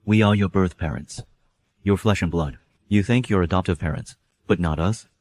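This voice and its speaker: A man's voice: deep voice, moderate pace, a little mellow. A man voicing a proud, stern aristocratic father who scolds his daughter harshly in a dubbed period drama. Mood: scolding.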